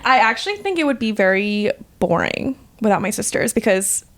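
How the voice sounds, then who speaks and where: A woman's voice: mid-range voice, sing-song. A young woman co-hosting a sisters' podcast, chatting casually with a teasing, giggly manner. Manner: giggly, teasing, quick to laugh. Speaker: podcast co-host. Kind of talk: casual chat.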